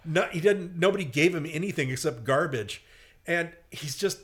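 A man chatting casually, an animated storyteller who recounts old cartoon plots with feeling. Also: normal speed. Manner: animated storyteller, acts out squeaky cartoon voices in quotes. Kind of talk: casual chat.

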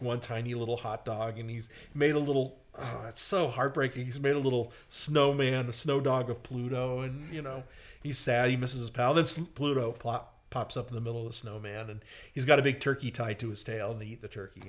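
Guy in casual chat, lively storyteller telling old cartoon plots, mid pitch. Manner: animated storyteller, acts out squeaky cartoon voices in quotes.

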